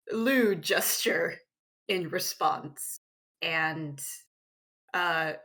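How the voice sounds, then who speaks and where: A woman playing a tabletop game, nervous and giggly with halting speech. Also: fairly low pitch, fairly bright tone, poor audio. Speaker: player.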